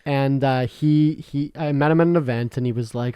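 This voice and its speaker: Young man from Canada, podcast co-host, loose rambling chat, medium pitch, dry close mic. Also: fairly even intonation, normal speed, few pauses, warm tone, clean tone, dry recording. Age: young adult. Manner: rambling, laughs often, swears casually. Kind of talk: casual chat.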